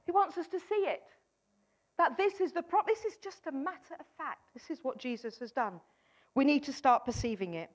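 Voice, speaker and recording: A woman delivers a lively sermon in a high voice, pressing her congregation with questions and calling them to speak up. The recording sounds dull and lo-fi, as if captured during a church gathering. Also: normal speed. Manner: energetic, asks the congregation questions and urges them to respond. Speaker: preacher.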